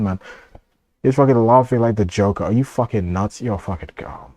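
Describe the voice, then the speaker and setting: Male streamer, low voice, quick rambling profane commentary, dry close sound. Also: warm tone, no room sound. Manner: rambling, profane, laughs often. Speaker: streamer reacting to a video. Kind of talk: casual reaction stream.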